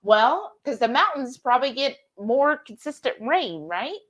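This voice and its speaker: Lively woman reading chat aloud. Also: sits high, a little slow. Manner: animated, greets viewers by name, laughs often. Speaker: co-host of a live cooking stream. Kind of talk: casual live-stream chat, reading viewer comments aloud.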